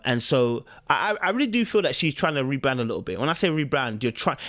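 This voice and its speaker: A man's voice: medium pitch, dry recording, studio quality. A young man, hosting a podcast and giving his opinion in casual commentary, with lots of repetition and rhetorical questions to listeners. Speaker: podcast host.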